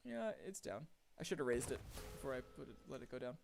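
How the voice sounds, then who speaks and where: Gravelly-voiced man chatting to his chat. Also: mid-range voice, very animated, quick pace, a little hiss or hum. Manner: chatty, thinks aloud, easily exasperated. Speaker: streamer. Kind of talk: casual gameplay commentary to chat.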